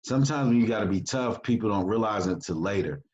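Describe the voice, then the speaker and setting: A man, a coach hosting an interview show, talking in a relaxed, rambling way with many fillers. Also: on the low side, fast. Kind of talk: casual interview chat. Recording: dull lo-fi sound.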